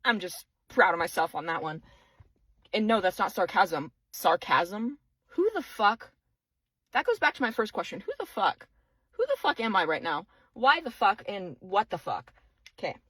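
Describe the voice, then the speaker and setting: A young woman, a single mother of five, ranting angrily and profanely in a vlog, swinging between loud outbursts and muttered asides. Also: mid-range voice, very animated, moderate pace, breathy edge, dry recording, poor audio. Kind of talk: angry vlog rant.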